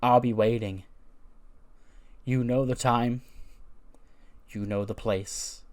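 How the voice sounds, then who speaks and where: A man voicing a male wrestler who issues a slow, threatening challenge. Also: medium pitch, steady tone, darkish tone, natural voice. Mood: menacing.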